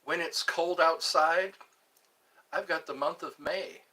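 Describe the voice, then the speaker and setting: Man, solo vlog host, unhurried rambling chat, bright tone, set back from the mic. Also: a little high, steady tone. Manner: rambling, musing aloud, drifts between topics. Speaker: channel host. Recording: voice a bit far from the mic.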